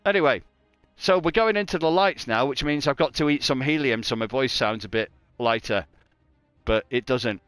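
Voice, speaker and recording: A man's voice: medium pitch, moderate pace, fairly bright tone, clean tone, no echo, soft background music. A man doing live race commentary on a stream, chatty and joking at his own expense. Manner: chatty, joking, self-mocking.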